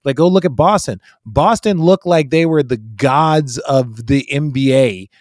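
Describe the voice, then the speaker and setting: A man's voice: mid-range voice, unhurried, darkish tone, no echo, clean studio sound. A man in his forties, a guest analyst in a casual podcast chat, talking emphatically and swearing freely.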